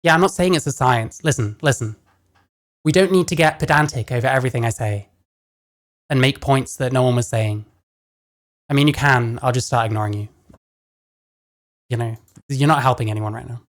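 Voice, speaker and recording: A woman's voice: very deep voice, normal speed, long pauses. Blunt sarcastic woman streamer. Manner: blunt, sarcastic, swears often. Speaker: streamer reacting to a video. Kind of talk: casual reaction commentary.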